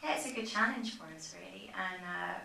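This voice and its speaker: A chatty woman speaks as a film director at a cinema Q&A, her voice bright. She strings thoughts with kind of and you know. The sound is roomy and picked up from a distance. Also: mid-range voice, brisk, vocal fry. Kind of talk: festival Q&A answers. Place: cinema auditorium. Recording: roomy cinema from far off, faint noise.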